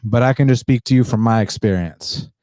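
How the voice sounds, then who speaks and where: Breathless man talking low and warm. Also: fairly quick, dry recording, clean studio sound. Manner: subdued indoor voice, blunt and profane. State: short of breath, pausing for deep breaths. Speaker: podcast host. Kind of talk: casual podcast monologue.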